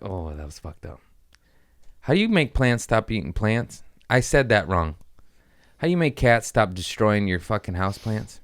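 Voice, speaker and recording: Low smooth-voiced man telling stories. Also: very animated, moderate pace, no room sound, studio quality. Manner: loose storytelling with swearing and playful voices. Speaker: comedian podcast host. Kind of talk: casual chat.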